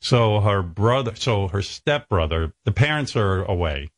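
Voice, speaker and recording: A man with a low, husky voice rambles through a crude comic story, chuckling now and then. His pitch sits on the deep side, and his breathy tone softens the edges of his talk. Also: animated, measured pace. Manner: rambling, graphic, chuckling as he talks.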